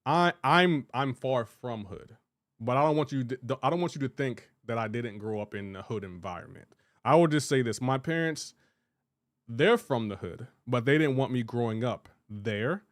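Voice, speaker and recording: A man's voice: medium pitch, lively intonation, moderate pace, no echo, studio quality. A man from Delaware streaming a game, chatting casually, rambling and restarting his sentences as he answers chat. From Delaware, USA.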